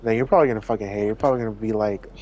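Lowish-voiced guest swearing casually. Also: male voice, darkish tone, slight background noise. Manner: quick bursts, casual swearing. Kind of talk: casual movie review chat.

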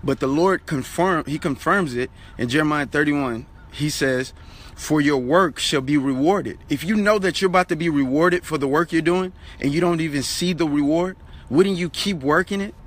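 A man's voice: fairly high pitch, normal speed, a bit bright. A man giving an urgent, repetitive motivational Bible talk as an online preacher, urging viewers to keep working.

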